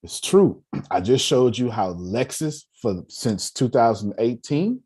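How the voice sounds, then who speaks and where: A man's voice: medium pitch, expressive, slow pace, dark tone, husky. A man coaching a group on a call, talking in an emphatic, repetitive, preacher-like cadence. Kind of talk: motivational talk.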